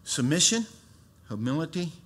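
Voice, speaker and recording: A middle-aged man giving a sermon testimony in a folksy storytelling way, swinging from loud emphatic bursts to hushed, earnest tones. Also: fairly high pitch, big pitch swings, normal speed.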